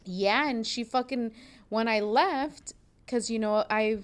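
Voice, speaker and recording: A woman's voice: a little high, takes it slowly. A young woman hosting a podcast from a sewing studio, telling a story in a casual, profane way and acting out what people said. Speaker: podcast host, seamstress.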